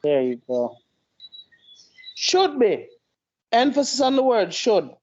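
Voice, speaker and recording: A man, co-hosting a casual chat, calm and preachy with frequent agreeing interjections. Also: high-pitched, normal speed. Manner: laid-back, agreeing, preachy asides. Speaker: podcast co-host. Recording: dull lo-fi audio.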